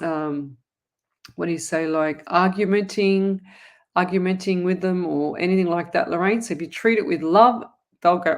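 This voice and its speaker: A woman with a fairly low-pitched voice hosts a live psychic reading show. She talks in a casual, rambling way, often restarting her sentences and drifting into asides. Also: normal speed. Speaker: psychic medium host answering viewer questions. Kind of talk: casual live-stream chat.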